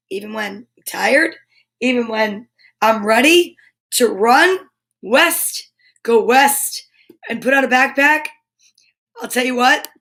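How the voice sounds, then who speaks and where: A woman hosting a live children's show, bubbly and excitable, with playful asides and quick drops to a whisper. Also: high voice. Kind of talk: live-streamed kids' show chat.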